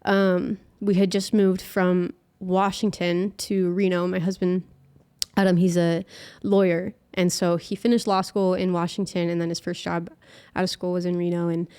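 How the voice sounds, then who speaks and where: A woman's voice: lowish voice, flat delivery, normal speed, a little mellow, clean tone. A young woman, a podcast guest, chatting through a personal story and peppering it with "like". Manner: chatty, heavy use of filler "like".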